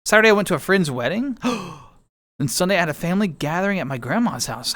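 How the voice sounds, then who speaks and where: A man's voice: high-pitched, lively intonation, fast, fairly bright tone. A man streaming from home, chatting casually with viewers in a playful, chatty way. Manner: chatty, bouncy intonation, playful. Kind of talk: casual chat reading viewer messages.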